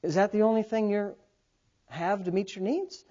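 Animated preaching man, dull lo-fi sound. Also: sits high, normal speed. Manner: animated preaching, swings between loud and quiet. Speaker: pastor. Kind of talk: sermon.

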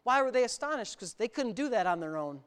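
A male pastor preaching an animated sermon, exclaiming often and laughing through his stories. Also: very high voice, quick pace, clean tone.

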